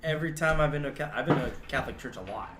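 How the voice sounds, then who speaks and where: A man's voice: on the high side, very fast, noisy background. A man in a casual podcast chat, asking skeptical questions. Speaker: podcast co-host.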